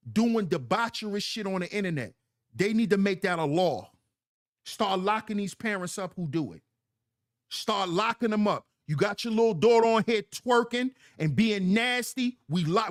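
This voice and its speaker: High, lively man preaching on a livestream. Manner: preachy, emphatic, repeats lines for effect. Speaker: livestream host. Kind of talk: livestream commentary reading chat.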